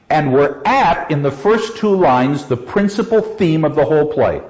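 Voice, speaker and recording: A male teacher lecturing in a classroom, his fairly high voice swinging up and down as he laughs and acts out quoted lines. The recording sounds dull and lo-fi, as if taped in class. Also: sing-song, normal speed, hardly any pauses, a little mellow. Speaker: literature teacher.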